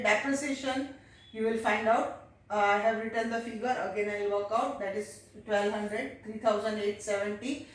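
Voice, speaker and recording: A woman teacher with an Indian English accent walking a class through accounts step by step, often pausing with "uh" and "okay". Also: on the high side. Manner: explains step by step, addresses children, frequent "uh" and "okay". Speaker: commerce teacher. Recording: echoey room, far from the mic.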